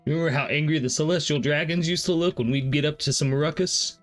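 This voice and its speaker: A man's voice: on the high side, fairly even intonation, fast talker, faint music behind. A man playing a tabletop game, playful and laughing often. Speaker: player. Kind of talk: casual tabletop role-play.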